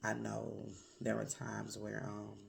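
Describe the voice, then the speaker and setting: A woman vlogger with a hoarse voice from a cold, speaking candidly and reflectively in a confessional vlog, with many pauses and fillers. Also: rumbling low, completely flat delivery, slight background noise.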